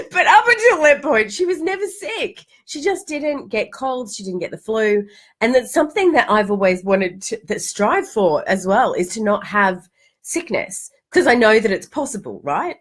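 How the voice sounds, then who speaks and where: Hoarse Australian woman with a cold. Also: medium pitch, fairly bright tone. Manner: chatty, candid, quick restarts, occasional swearing. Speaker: host of a live stream. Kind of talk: casual motivational live chat.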